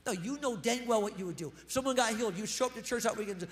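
A man preaching a sermon as pastor, animated, swinging between loud emphatic lines and quick hushed asides. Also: extremely high pitch, long reverb tail.

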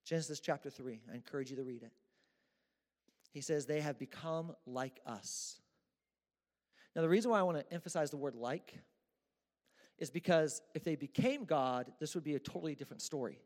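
A man's voice: a little high, fast talker, a little mellow. A man preaching a sermon in a church, casual and joking with slang. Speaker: pastor. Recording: echoey church hall.

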